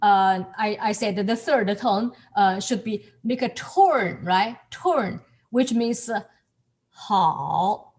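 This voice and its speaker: Slow, halting woman teaching on a video call. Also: medium pitch, a little mellow. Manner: halting, repeats words, laughs often. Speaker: Mandarin tone teacher. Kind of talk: online class instruction.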